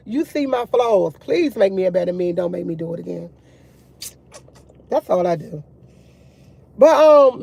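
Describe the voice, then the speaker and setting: A woman's voice: a little high, a little mellow, dry recording, muffled recording. Black lady chatting on her vlog, rambly, starts over a lot, dry close sound. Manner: rambling, restarts often, talks to viewers as y'all. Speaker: vlogger. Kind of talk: casual faith chat to camera.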